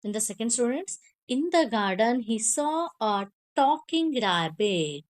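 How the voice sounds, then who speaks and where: Slow Indian English woman teaching. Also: fairly high pitch, animated. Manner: slow, repeats words for pronunciation drill. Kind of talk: textbook lesson explanation.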